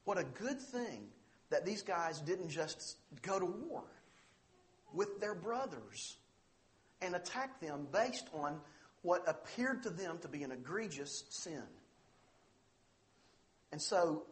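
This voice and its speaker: A man's voice: sits high, expressive, takes it slowly, pauses often. A man preaching a sermon, earnest and emphatic, pressing hard on the scripture he reads out. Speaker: pastor.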